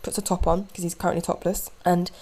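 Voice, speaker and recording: A young woman hosting a podcast, telling a story in an animated, indignant way with quick asides. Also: fairly low pitch, poor audio. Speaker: podcast host. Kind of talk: casual storytelling monologue.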